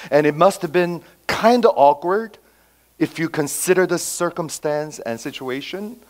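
Guy preaching a sermon, gets loud then drops real quiet, acts out the quotes. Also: on the high side. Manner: animated, swinging between loud emphasis and quiet asides; acts out quoted dialogue, repeats phrases. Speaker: pastor.

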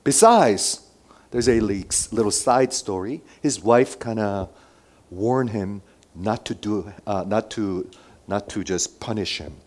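A man preaching a sermon who moves between loud emphatic lines and quiet asides, and asks his listeners many rhetorical questions. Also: on the low side, takes it slowly. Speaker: pastor.

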